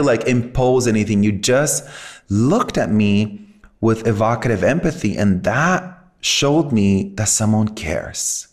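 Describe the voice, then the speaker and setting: Low-voiced man, reflective and near tears. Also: slow pace. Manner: reflective, earnest, spiritual wording. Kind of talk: heartfelt conversation.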